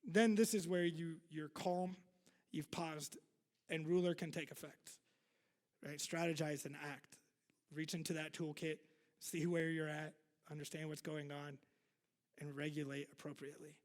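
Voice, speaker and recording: A man's voice: a little high, flat delivery, measured pace, long pauses, big-room sound. A male pastor giving a casual sermon to his congregation, chatty and self-deprecating, full of fillers and asides. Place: church hall.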